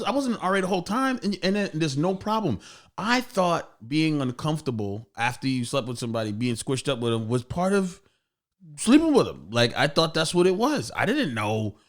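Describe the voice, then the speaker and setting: A man's voice: high-pitched, animated, brisk. A man hosting a podcast, chatting casually and profanely with many restarts. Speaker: podcast host. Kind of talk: casual chat.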